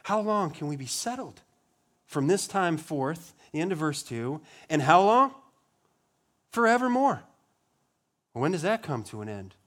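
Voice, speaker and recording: A pastor preaching a sermon, asking the congregation rhetorical questions, building emphasis and then dropping to a low, quiet voice on solemn lines. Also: male voice, very animated, unhurried, pauses often. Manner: rhetorical questions, rising emphasis on key words.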